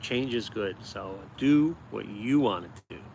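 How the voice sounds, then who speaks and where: A man's voice: fairly low pitch, unhurried, creaky, a little hiss or hum. Chatty upstate New York man, outdoors. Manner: animated storyteller, chuckles often. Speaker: cartoonist streaming live. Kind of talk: casual live-stream chat. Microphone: phone held vertically.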